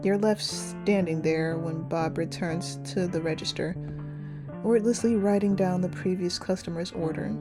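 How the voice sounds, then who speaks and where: A young woman reading a story game aloud and reacting in an animated, giggly, slangy way. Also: on the low side, measured pace, music in the background. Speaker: gamer playing a story game.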